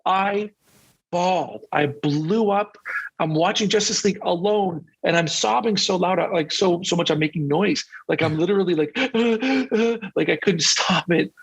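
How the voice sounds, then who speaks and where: A man's voice: high voice, moderate pace, gravelly, slightly rough, poor audio. A man who is a guest on a podcast, telling personal stories openly and confessionally in a casual conversation. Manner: open, confessional storytelling.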